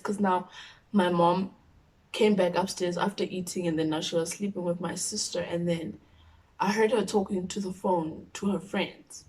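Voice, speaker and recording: A young woman in her twenties with a South African accent, telling a personal story on her vlog in an expressive, animated way. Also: fairly low pitch, moderate pace. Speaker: YouTuber.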